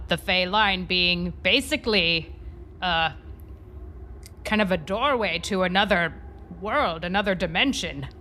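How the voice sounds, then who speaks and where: A woman's voice: medium pitch, sharp tone, a little hiss or hum. A woman playing a character in a tabletop game, rambling a little as she searches for words. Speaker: player. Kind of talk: in-character tabletop role-play.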